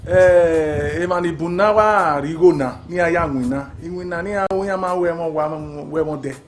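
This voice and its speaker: A man's voice: a little high, normal speed, lightly acted. An actor playing a deferential Nigerian commissioner reporting hesitantly to his governor.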